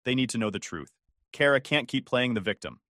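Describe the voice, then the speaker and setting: A man's voice: mid-range voice, animated, brisk, a bit bright, no room sound, clean studio sound, close to an everyday voice. A man voicing a male cousin who bluntly urges confrontation. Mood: urging. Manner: blunt, pushing.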